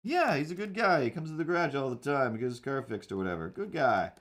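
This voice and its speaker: A man's voice: mid-range voice, animated, fast, fairly bright tone, pitched above the performer's own voice. A father who waves away every complaint, put on by a man in a lifted, breezy voice. He sounds offhand and sure of himself. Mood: dismissive. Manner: brushing off complaints. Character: gruff, dismissive middle-aged father.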